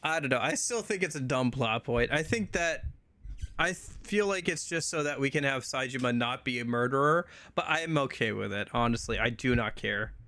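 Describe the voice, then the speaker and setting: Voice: mid-range voice, expressive, fairly quick, pushed and bright. A let's-play streamer giving casual commentary on a game, chatty and exasperated, packing the talk with "like" as they pick apart the plot. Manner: heavy use of "like" filler.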